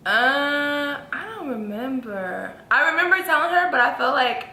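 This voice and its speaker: A young woman in her twenties telling a story casually as a vlogger, acting out quotes with big jumps in her voice. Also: measured pace. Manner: animated, acts out quotes with big pitch jumps. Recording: echoey room with faint ambience.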